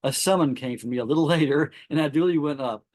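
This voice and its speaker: A man hosting a spiritual gathering, reading a devotional account aloud at an unhurried pace and stopping to comment before opening the floor to discussion. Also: fairly high pitch, darkish tone, no room sound. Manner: reads slowly, stopping to comment and restart phrases. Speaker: satsang host.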